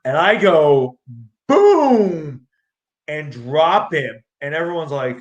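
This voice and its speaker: A young man telling fight stories in a rambling, excitable way, acting out what people said, as a guest on an interview show. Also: on the high side, measured pace, dull audio. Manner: excitable, rambling, acts out quotes. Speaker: guest, amateur street fighter. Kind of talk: casual storytelling interview. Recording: echoey room.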